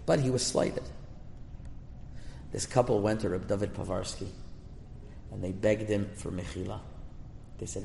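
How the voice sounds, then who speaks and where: A man's voice: on the low side, normal speed, gravelly, long pauses, warm tone, a little hiss or hum. A man giving a Torah class as a rabbi, telling a story in an earnest, emphatic way and mixing in Hebrew terms. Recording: echoey room with long reverb.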